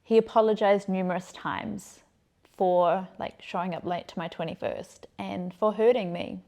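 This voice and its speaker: A woman's voice: medium pitch, fairly even intonation, normal speed, dark tone. A woman hosting a podcast, telling personal stories in a frank, playful way and laughing easily. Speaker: podcast host, sexologist. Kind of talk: candid chatty storytelling.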